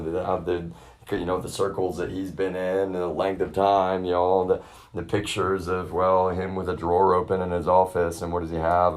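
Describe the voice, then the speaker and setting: A young man with a very low voice vents into his own camera in a long, rambling rant. He swears constantly and keeps on calling his viewers y'all, like a streamer talking straight to his chat. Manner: swears heavily and keeps addressing the audience as y'all. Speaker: livestreamer. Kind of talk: profane rambling rant to a live audience. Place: at his grandmother's residence. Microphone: self-filmed camera.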